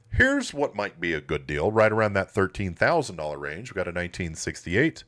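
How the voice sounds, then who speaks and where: A man's voice: low-pitched, big pitch swings, fairly quick, hardly any pauses, fairly bright tone. A man hosting a casual car livestream from his auto shop, talking bluntly and swearing often. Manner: blunt and profane, laid-back shop talk. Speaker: host of a classic car livestream. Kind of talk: casual live commentary.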